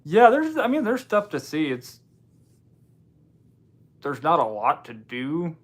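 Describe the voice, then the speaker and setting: Speaking slowly, with a high-leaning voice that swings widely in pitch, a Washington State livestream host works through viewer comments. His replies are loose and offhand, peppered with dry asides.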